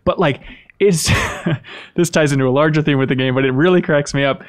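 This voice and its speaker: A young man hosting a podcast, chatting casually and excitedly about a video game, laughing often. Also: fairly high pitch, a little fast. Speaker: podcast host.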